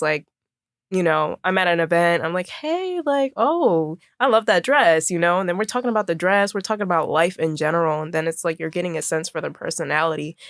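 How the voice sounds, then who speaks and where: A woman's voice: sits low, vocal fry, fairly bright tone, no room sound, studio quality. A young woman from Maryland, a fashion designer, chatting casually as a podcast guest and using lots of fillers. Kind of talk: casual conversation.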